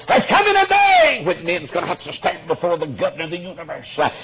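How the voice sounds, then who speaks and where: A man preaching an impassioned storytelling sermon, fervent, with frequent fillers and sudden shouts, in a tinny, lo-fi recording. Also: high-pitched, wildly swooping pitch, fast, husky.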